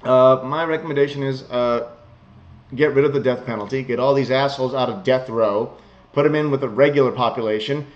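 Brisk and medium-pitched, a man reads news stories at home and mocks them with casual sarcasm, blunt remarks, and plenty of chuckling. The audio is lo-fi and slightly muffled.

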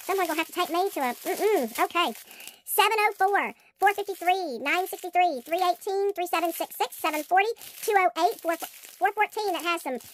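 A woman's voice: very high-pitched, fairly quick, a bit bright. A woman hosting a craft unboxing, her voice sped up into a chipmunk effect as she gushes and counts items aloud. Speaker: craft video host. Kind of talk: excited unboxing chat.

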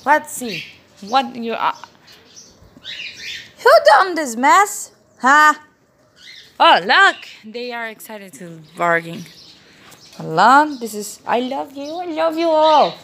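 A woman's voice: high-pitched, expressive, slow pace, pauses often, bright, forceful tone, a little hiss or hum. A young woman with a Brazilian accent, a native Portuguese speaker, vlogging casually and coaxing her pets with affectionate baby talk.

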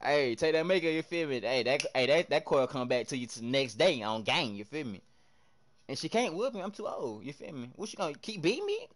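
A young man streaming live, excitably commenting on his game, shouting at teammates and chatting with viewers in heavy slang. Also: medium pitch, fairly quick. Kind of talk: live gameplay commentary and chat reading.

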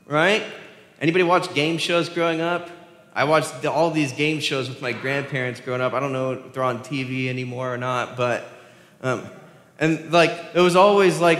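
Animated man preaching in an echoey hall. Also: a little high, fairly quick. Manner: conversational, animated, often asks the congregation "right?". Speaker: pastor. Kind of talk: sermon. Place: church sanctuary. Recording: echoey church hall with long reverb.

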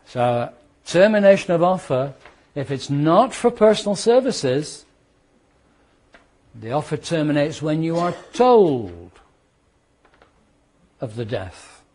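A man gives a law lecture in a husky, slightly raised voice. He keeps the class engaged with rhetorical questions and playful everyday scenarios. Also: a little high, sing-song, takes it slowly, pauses often, a little mellow.

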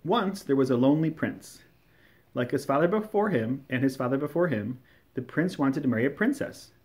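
Expressive man reading a storybook aloud. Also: mid-range voice, normal speed. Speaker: storybook reader. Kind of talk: children's storybook read-aloud.

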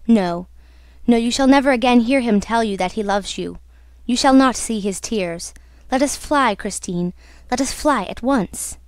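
A woman's voice: a little high, unhurried, no room sound, natural voice. A woman reading the part of an earnest, protective young man, urgent and reassuring.

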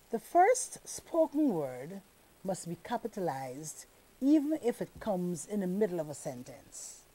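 Woman, from Guyana, slow scripted lesson narration, very animated intonation, deliberate dictation delivery. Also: medium pitch. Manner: slow, deliberate reading with lively dictation-style emphasis. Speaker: teacher.

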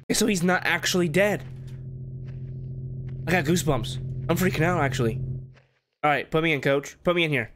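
A man's voice: on the high side, brisk, long pauses, fairly bright tone, slight background noise. A man commentating on a horror game as he plays, talking to himself and yelping at scares. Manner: jumpy, talks to himself, yelps. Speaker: gameplay commentator. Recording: game music under voice.

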